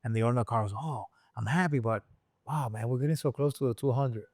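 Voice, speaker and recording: A man tells a story as a guest in a casual interview. His voice sits in a middle register and the sound is dry and close, with no room around it. He acts out the people he quotes by jumping up in pitch. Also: fast, darkish tone, dry recording. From Puerto Rico. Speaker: guest, engine builder and shop owner.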